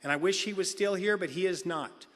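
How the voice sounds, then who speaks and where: Middle-aged man, comic recovery share, bright forceful voice, big hall reverb. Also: sits high, brisk. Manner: animated comic storyteller, acts out quotes. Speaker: recovery meeting speaker.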